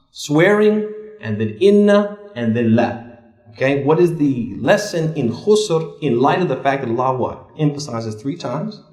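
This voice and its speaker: A man leading a religious study workshop, asking the group questions and answering them himself, his voice climbing to press a point. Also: a little mellow. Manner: asks the class questions and fills in the answers himself; rises in pitch to stress points. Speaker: Islamic teacher leading a workshop. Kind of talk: interactive classroom teaching. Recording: echoey room.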